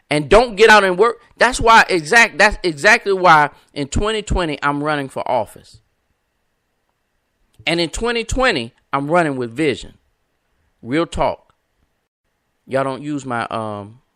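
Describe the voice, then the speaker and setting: A podcast host with a bright, forceful, fairly high voice runs a live internet show, recorded dry and at studio quality. He preaches to listeners in an emphatic, repetitive cadence, greeting viewers and callers by name.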